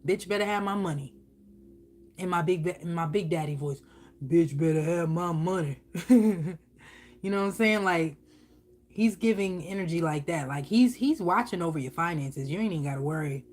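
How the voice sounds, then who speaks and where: A woman's voice: fairly low pitch, a little fast. A woman giving a channeled spiritual reading while eating on camera, casual, profane and blunt. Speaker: spiritual reader.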